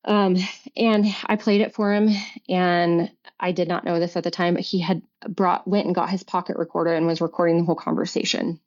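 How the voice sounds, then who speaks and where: A woman's voice: on the low side, level tone, a little mellow. Middle-aged lady guest telling her story, earnest, stops and restarts a lot, dull lo-fi audio. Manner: earnest, halting, with many restarts and fillers. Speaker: podcast guest. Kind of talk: personal story in conversation. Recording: dull lo-fi recording.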